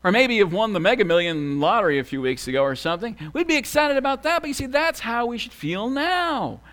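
Guy preaching, highish voice that jumps all over, gets loud then goes quiet. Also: a little fast. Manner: animated, swings from loud excitement to quiet asides. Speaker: pastor. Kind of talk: sermon.

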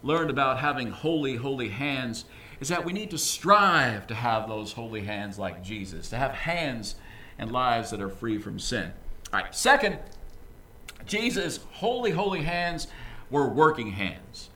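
Pastor, male, lively conversational sermon delivery, bright voice, heard from back in an echoey church. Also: mid-range voice, unhurried. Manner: lively, conversational preaching with asides. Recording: echoey room, voice from a distance.

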